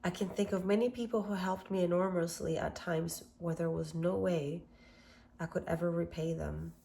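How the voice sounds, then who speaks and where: A calm woman with a slightly low voice leads a guided meditation, speaking gentle affirmations. A faint hiss sits under her voice. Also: moderate pace, vocal fry. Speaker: self-love workshop host.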